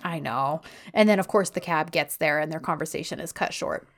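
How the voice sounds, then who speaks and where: A woman's voice: low-pitched, fast talker. A woman co-hosting a podcast, animatedly recapping episodes in casual chat. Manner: animated retelling with fillers. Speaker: podcast co-host.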